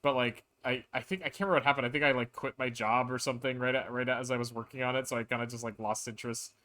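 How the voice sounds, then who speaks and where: A man's voice: mid-range voice, steady tone, fast talker, bright, forceful tone. A man chatting casually while streaming a game, rambling with lots of restarts and filler words. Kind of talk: casual live-stream chat. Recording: game music playing behind.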